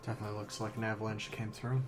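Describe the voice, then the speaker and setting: A man's voice: fairly low pitch, completely flat delivery, racing. Hesitant man asking questions at play. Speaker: player. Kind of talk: casual tabletop play. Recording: background music.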